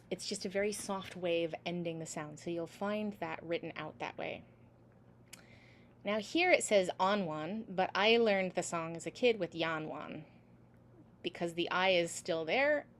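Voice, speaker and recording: Over a video call, a woman with a fairly low voice teaches a singing class, patiently sounding out each syllable for her students. There's slight background noise.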